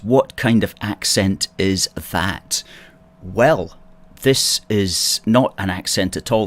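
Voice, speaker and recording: A man from Ayrshire, Scotland, with a matching accent, hosts a casual political livestream in a low, deep voice. He reads viewer comments aloud and answers them chattily, dropping the odd wry aside.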